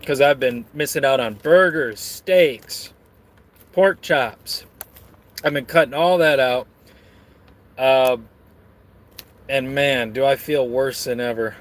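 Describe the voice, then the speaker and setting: A man's voice: mid-range voice, slow, long pauses. A man chatting casually on camera while eating and reading out chat, full of crude, rambling, self-mocking jokes. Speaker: streamer reading chat messages.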